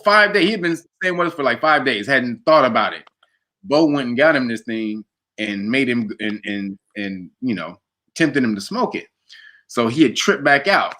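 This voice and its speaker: A man with a bright, clear-edged voice tells a story in a relaxed interview. He gets animated and laughs, slipping into quoted voices along the way. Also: a little high. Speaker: guest.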